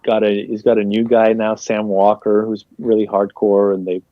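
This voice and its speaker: A man's voice: fairly low pitch, level tone, normal speed, dry recording. A young man, a guest comedian, rambling casually through an interview in a laid-back way. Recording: dull lo-fi dry sound.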